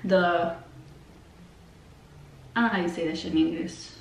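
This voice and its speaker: A woman's voice: fairly low pitch, normal speed, vocal fry. Woman rambling thru a story, swears a lot, kinda far from the mic, faint hiss behind. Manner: rambling and heavily profane, full of fillers. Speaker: beauty vlogger. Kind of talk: casual storytelling. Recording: roomy, distant mic, faint noise.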